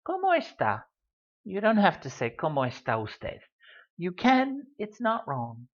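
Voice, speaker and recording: A woman teaching a beginner Spanish lesson in a relaxed, chatty way, with frequent "um"s. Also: deep voice. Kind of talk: recorded language lesson. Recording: dull lo-fi recording.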